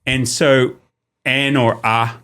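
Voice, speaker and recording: A man's voice: mid-range voice, flat delivery, slow pace, sharp tone, smooth. Joking man chatting as podcast guest. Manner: joking, talks through examples with shifting emphasis. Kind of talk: casual chat.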